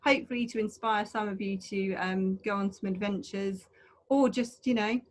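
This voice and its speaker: A woman's voice: medium pitch, steady tone, normal speed. A woman co-hosting an online adventure talk over a video call, chatty and rambling, with frequent fillers.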